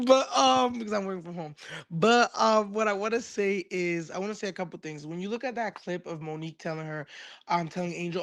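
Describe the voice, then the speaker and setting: A man's voice: high-pitched, a little fast, a bit bright. A man calling in from home, giving blunt, emphatic opinions. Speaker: caller. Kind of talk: call-in opinion.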